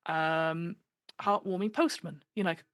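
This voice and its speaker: A woman guest on a podcast chatting casually, animated and given to acting out the voices she quotes, with plenty of fillers. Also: lowish voice, takes it slowly, no echo.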